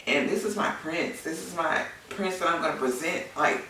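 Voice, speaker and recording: A woman's voice: low voice, normal speed, sharp tone, a little hiss or hum. A woman candidly telling a personal story in a chatty way, with many fillers. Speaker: vlogger, new mother. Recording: echoey room, mic at a distance.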